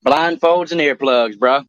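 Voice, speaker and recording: A man co-hosting a talk show in crude casual chat, rambling and halting, swearing often. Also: on the high side, a bit bright, dry recording. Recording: dry, dull lo-fi sound.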